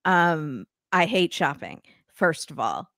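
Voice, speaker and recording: A woman co-hosting a casual podcast, giving opinionated quick asides. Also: low voice, sing-song, fairly bright tone, no room sound, studio quality. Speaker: podcast co-host. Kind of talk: casual chat.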